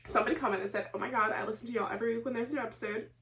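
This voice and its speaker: A woman's voice: on the high side, steady tone, rapid-fire, fairly bright tone, distant mic, a little hiss or hum. Young woman podcaster, a bit off-mic. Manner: laughs hard, chatty and playful. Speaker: podcast co-host. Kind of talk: casual chat.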